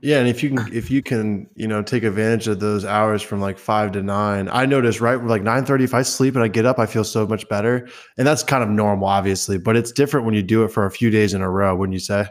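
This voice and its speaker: A man chatting casually and asking relaxed, easygoing questions. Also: fairly low pitch, quick pace, hardly any pauses. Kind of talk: casual chat.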